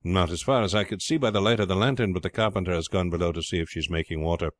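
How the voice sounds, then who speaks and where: A man voicing a grim sailor who acts as interpreter and speaks in a flat, matter-of-fact way in a storybook reading. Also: low voice, quick pace, no echo, close to an everyday voice.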